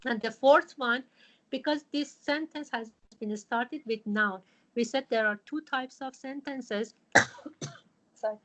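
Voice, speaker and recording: A woman, teaching a religious studies class over a video call and explaining patiently in a halting way, full of fillers. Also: fairly high pitch, fairly bright tone, low-quality recording.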